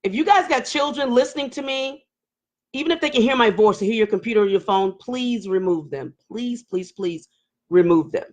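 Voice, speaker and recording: A woman's voice: on the high side, animated, normal speed, a little mellow. A woman in her forties hosting a candid live-stream talk, speaking emotionally and laughing nervously as she opens up. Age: 40s. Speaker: host.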